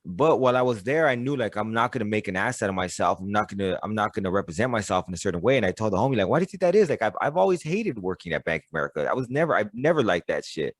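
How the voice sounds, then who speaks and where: A man's voice: lowish voice, lively intonation, racing, few pauses, dry recording. A man hosting a podcast, talking candidly and bluntly with lots of cursing and stammered restarts. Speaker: podcast host. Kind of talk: casual interview conversation.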